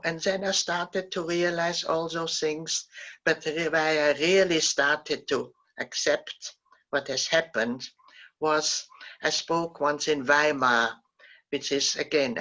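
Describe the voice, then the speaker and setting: Older woman, halting gentle storytelling. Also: low-pitched, highs cut off. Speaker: guest speaker, Holocaust survivor. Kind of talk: recounting personal memories in a talk.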